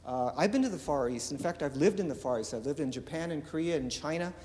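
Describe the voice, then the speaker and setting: A man's voice: on the high side, fast talker. Man telling a story in a hall. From eastern Oregon, USA. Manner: animated storyteller acting out quoted dialogue. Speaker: entrepreneur giving a talk. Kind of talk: storytelling keynote speech. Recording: reverberant hall with faint ambience.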